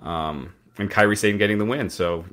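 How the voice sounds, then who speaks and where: A man with a low, deep voice hosts a loose chat show. He recaps at length, with fillers and restarts along the way. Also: moderate pace, a bit bright. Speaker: podcast host recapping wrestling.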